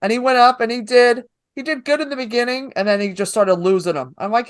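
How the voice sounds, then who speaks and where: A woman's voice: on the high side, brisk. A woman comedian with a New York accent telling a story in a casual interview, blunt and profane, voicing her own lines with energy. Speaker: stand-up comedian guest.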